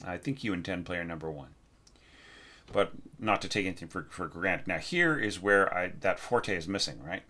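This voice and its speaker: Low-voiced man giving score feedback. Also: lively intonation, normal speed, bright, forceful tone, slight background noise. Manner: thinking aloud, often sings the parts with "da da" and asks "right?"; frequent fillers and restarts, encouraging but direct. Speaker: orchestration teacher. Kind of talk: spoken feedback lesson on a score.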